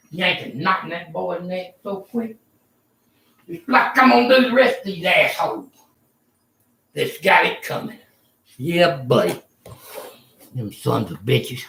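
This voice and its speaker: A man's voice: sits high, creaky, pushed and bright, roomy sound. An older man, ranting angrily and profanely in a rambling vlog monologue from a room in a retirement home. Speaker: vlogger.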